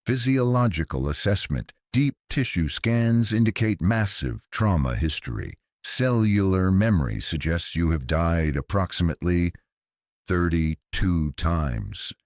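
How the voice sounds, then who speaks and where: A man's voice: low-pitched, animated, measured pace, darkish tone, dry recording, studio quality. A man voicing a clinical female tech-priest who talks in a droning, analytical way.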